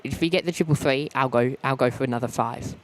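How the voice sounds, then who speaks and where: Aussie male host for a casual outdoor live stream; relaxed, halting, repeats himself. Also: medium pitch, no room sound. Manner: easygoing, halting, repeats words. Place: outdoors at an airport.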